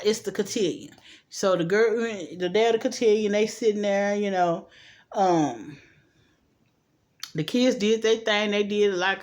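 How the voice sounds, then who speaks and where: Sassy chatty woman recapping a show. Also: mid-range voice. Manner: chatty and sassy, quick asides like "child" and "boo"; acts out the characters' lines in quick changes of voice. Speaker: TV recap host. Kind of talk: casual TV episode recap.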